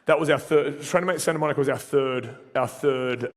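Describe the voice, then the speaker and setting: An Australian man speaks to a live audience in a long-ringing hall, telling stories with energy and chatting straight to the crowd. His voice sits at a middle pitch, and his talk stays casual and motivational. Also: brisk. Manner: energetic, conversational storytelling with audience asides. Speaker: speaker at a live career event. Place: event venue, live audience. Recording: reverberant event hall.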